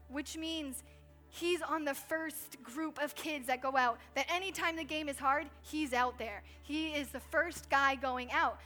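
On a church stage, a pastor's wife in her thirties gives a sermon that feels like a chat, full of stories and frequent "like"s. Her voice is high, bright, and forceful, with fairly even intonation and a measured pace. Soft background music plays.

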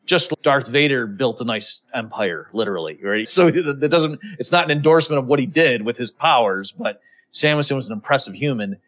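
A man hosting a casual podcast conversation. He talks in an animated, rambling way and often turns to the listeners directly. His voice sits in a mid range. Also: mid-range voice, a little fast. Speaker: podcast host. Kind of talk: casual chat.

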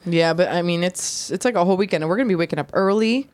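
A woman with a lowish voice joins a podcast as a guest and chats over drinks. She sounds upbeat and playful, joking along with the hosts. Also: quick pace, darkish tone. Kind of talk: casual chat over drinks.

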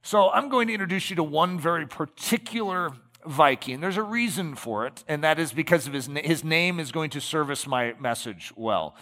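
A man's voice: on the high side, expressive, normal speed, bright, forceful tone, big-room sound. A man preaching a sermon in a conversational way, often checking in with the congregation with tag questions like "okay?" and "right?".

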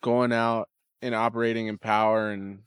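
A man chatting casually with an enthusiastic, halting delivery. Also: fairly low pitch, level tone, clear, resonant tone, dry recording, studio quality. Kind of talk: casual chat.

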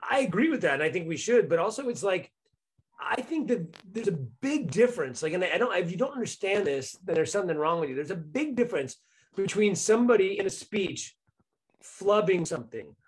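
A man in casual political chat, animated and mocking, swearing freely as he talks. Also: high voice, brisk, breathy edge, low-quality recording.

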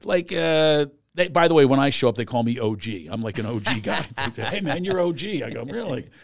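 This is an older man hosting a comedy podcast, with a chatty, joking delivery and frequent laughter. His voice sits at a middle pitch. The recording is dry and close. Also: brisk, gravelly, dry recording. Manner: chatty, jokey, laughs often. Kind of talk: casual chat.

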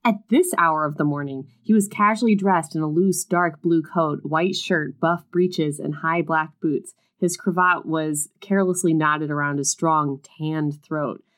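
A woman's voice: low voice, fairly even intonation, a little slow, few pauses, fairly bright tone. A woman co-hosting a book chat, reading passages aloud and retelling scenes in a playful, chatty way. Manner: playful, chatty, uses lots of "like". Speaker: podcast co-host discussing a book.

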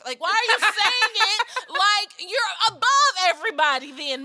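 A woman with a high, bright voice co-hosts a podcast, chatting casually and profanely. She is animated and mocking, and often breaks into laughter. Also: measured pace, few pauses. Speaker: podcast co-host.

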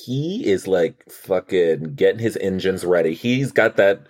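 A man co-hosting a casual chat podcast, talking with a lively, swinging pitch that sits low in his register. He swears freely and keeps dropping into quick impressions of the characters as he recaps the episode. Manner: animated, profane, acts out characters' lines. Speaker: podcast co-host.

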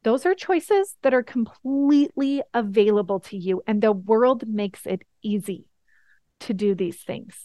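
A woman in her thirties hosting a motivational podcast, earnest and emphatic, slowing down on the words that matter. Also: fairly high pitch, dark tone, dry recording, clean studio sound. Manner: earnest, emphatic, slows down for key points. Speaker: podcast host.

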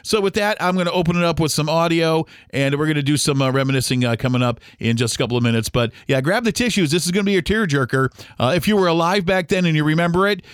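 A man's voice: fairly high pitch, quick pace, hardly any pauses, clear, resonant tone, no echo. Middle-aged US man, podcast host, loose anecdotal delivery, dry booth sound. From United States. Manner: rambling, acts out remembered dialogue. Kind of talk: casual storytelling podcast.

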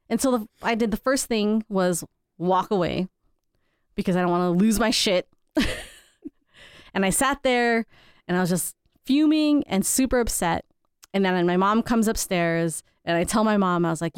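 Podcast co-host, woman, 30s, candid storyteller, smooth voice, dry close mic. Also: mid-range voice, measured pace, no room sound. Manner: candid, laughs between stories, quotes people in changed voices. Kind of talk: casual family chat.

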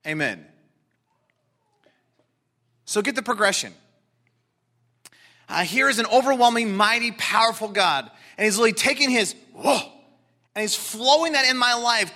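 Bright, high-voiced male preacher. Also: normal speed. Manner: expository preaching, dropping to quiet asides. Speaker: pastor. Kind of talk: sermon.

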